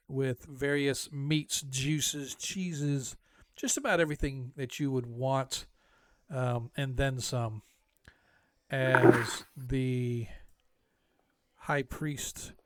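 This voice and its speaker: A man acting as game master, slowly describing scenes for his players with frequent ums. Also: medium pitch. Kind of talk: narrating a tabletop game.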